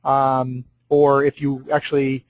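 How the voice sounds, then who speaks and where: A man's voice: medium pitch, completely flat delivery, slow pace, no echo, rough recording. A man hosting a webinar, introducing a guest speaker with frequent ums and uhs. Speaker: webinar host. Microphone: computer microphone on a webinar.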